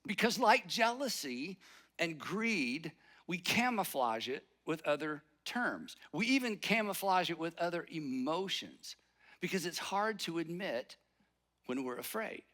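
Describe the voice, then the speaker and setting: A man's voice: on the high side, very animated, unhurried, pushed and bright. A man preaching a conversational sermon, acting out little bits of inner dialogue as he goes. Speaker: pastor.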